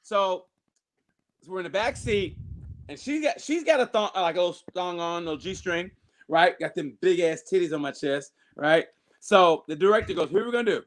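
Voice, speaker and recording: A man telling a long, profane story in casual podcast chat, animated and full of restarts and acted-out quotes. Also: high voice, moderate pace.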